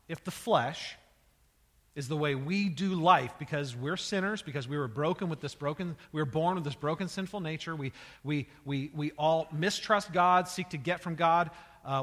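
Male pastor, fairly high voice, emphatic sermon delivery in a reverberant hall. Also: a bit bright. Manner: emphatic, repeats words, builds in intensity.

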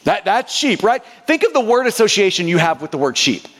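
A man with a high voice preaches to his congregation, pressing points hard and tripping into repeated starts of words. His sermon rings out with the long reverb of a big hall. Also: sing-song, brisk, a bit bright. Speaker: pastor.

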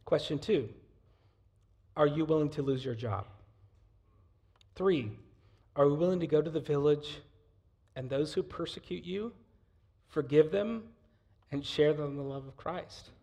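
A male pastor preaching a sermon with passion, swinging between loud emphasis and near-whispers. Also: on the high side, unhurried, creaky, long pauses.

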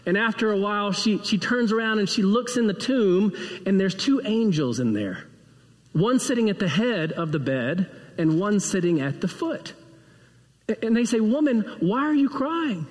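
A pastor preaching a sermon, retelling a gospel story and acting out the voices of its figures. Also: male voice, high voice, lively intonation, normal speed. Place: church sanctuary. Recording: long hall reverb.

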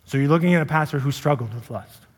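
Speaking quickly in a breathy, higher-pitched voice, this young pastor delivers an earnest, confessional sermon. When he retells his anger, he climbs to impassioned shouting, all of it echoing with long reverb in a large hall.

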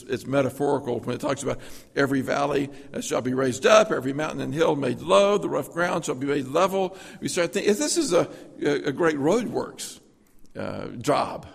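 A man preaching a sermon, explaining scripture through everyday illustrations and swinging from loud, emphatic lines to hushed ones. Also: fairly high pitch, gravelly, slightly rough, in a large hall. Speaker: pastor.

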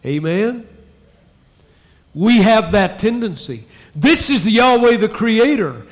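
A male pastor preaching a sermon in a church, emphatic with dramatic pauses. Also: high-pitched, very animated. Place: church sanctuary.

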